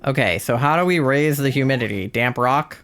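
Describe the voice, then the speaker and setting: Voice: medium pitch, fairly quick, fairly bright tone, faint music behind. A streamer giving casual gameplay commentary, playfully cheering the characters on.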